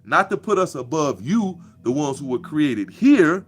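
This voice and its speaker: A man's voice: a little high, sing-song, a little slow, breathy edge. A man, delivering a profane, preachy monologue with a mocking edge. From Chicago. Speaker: commentator. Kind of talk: casual monologue.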